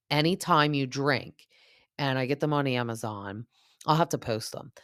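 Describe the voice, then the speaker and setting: Chatty mom podcaster, dry close mic. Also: female voice, a bass voice, no room sound. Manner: chatty, gossipy, lots of "like" fillers. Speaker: podcast host. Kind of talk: casual reality TV recap.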